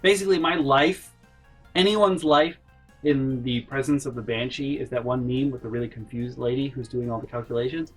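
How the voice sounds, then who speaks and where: A man hosting a gaming channel, telling a rambling, exasperated story and swearing freely, jumping into loud mock yells. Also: mid-range voice, moderate pace, faint music behind. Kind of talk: storytime over gameplay.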